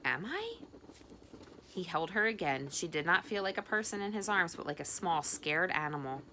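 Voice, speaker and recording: Bright woman reading a book aloud, expressive, faint noise behind. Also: lowish voice, a little fast. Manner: expressive, with small slips. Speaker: audiobook reader. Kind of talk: audiobook narration.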